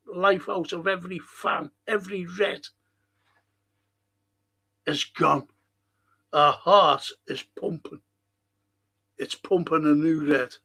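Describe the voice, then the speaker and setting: A man's voice: steady tone, slow pace, pauses often, breathy edge. An older man with a Scouse accent hosting a live-stream podcast, passionately ranting and reading out chat messages. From Liverpool, England. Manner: passionate, ranting, swinging between loud outbursts and low muttering.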